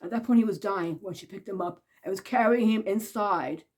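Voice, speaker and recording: A woman vlogger tells her own story fairly quickly and conversationally. Her voice rises high when she repeats what others said, then softens and quiets during the sad passages.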